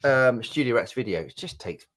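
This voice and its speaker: A man's voice: mid-range voice, expressive, normal speed, a bit bright. A British man co-hosting a live chat show, chatty and rambling, with restarts. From Britain. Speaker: co-host. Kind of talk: casual live-stream chat.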